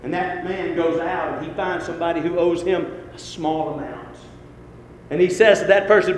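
A man preaching a sermon in a folksy way, rising to emphatic peaks and then dropping quiet. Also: on the high side, moderate pace. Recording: very echoey hall with faint noise.

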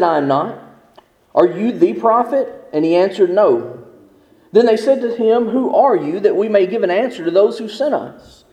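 A man preaching a sermon, reading scripture and explaining it in an earnest, emphatic way, slowing down on key verses. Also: high voice, dark tone, lo-fi sound. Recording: echoey hall with long reverb.

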